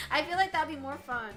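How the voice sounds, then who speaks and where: A young adult woman streamer chatting casually with her viewers, loud and animated, often yelling and laughing, with a sore throat. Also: high-pitched. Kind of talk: casual live-stream chat.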